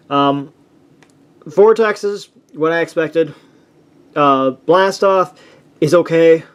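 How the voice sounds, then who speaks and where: A man's voice: on the high side, clear, resonant tone. A man chatting casually through a toy review, enthusiastic and rambling, with many restarts and fillers.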